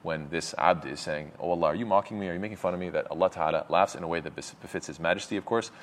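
A man teaching a religious lesson, explaining terms with many fillers and restarts and quick Arabic quotations. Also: deep voice, slight background noise. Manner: reads Arabic quotes quickly. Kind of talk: explaining a lecture.

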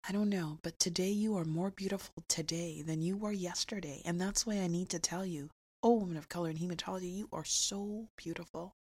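A woman hosting an inspirational podcast, talking emphatically and repeating phrases slowly for effect. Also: lowish voice, fairly even intonation, a little mellow, husky. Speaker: podcast host.

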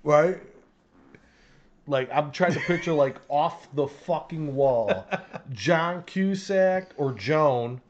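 A man's voice: a little high, slow pace, lo-fi sound. A man co-hosting a casual podcast, rambling and swearing with lots of laughter. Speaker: podcast co-host. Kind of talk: casual banter.

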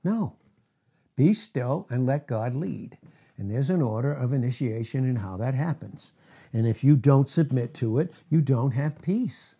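A middle-aged man preaching a sermon as pastor, emphatic, asking rhetorical questions and swinging from loud to hushed. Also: mid-range voice, lively intonation, measured pace, slightly rough.

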